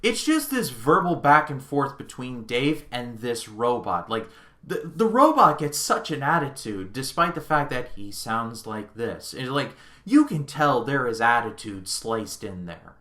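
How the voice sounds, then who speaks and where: A young man chats about a film in a relaxed, amused video review. He speaks slowly, with a bright, forward voice. The recording carries a clear room echo. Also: mid-range voice. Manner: chatty, amused, recounting scenes. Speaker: movie reviewer. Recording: echoey room.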